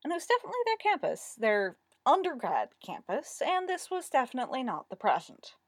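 A woman narrating a story aloud in an expressive, lively way. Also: sits high, a little fast, no echo, clean studio sound. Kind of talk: storybook reading.

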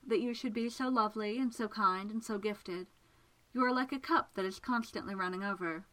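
A woman's voice: medium pitch, fairly quick, pushed and bright, close to an everyday voice, poor audio. A woman reading the part of a shy, formal male magician in a story, speaking earnestly and a little hesitantly. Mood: tender. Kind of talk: audiobook character reading.

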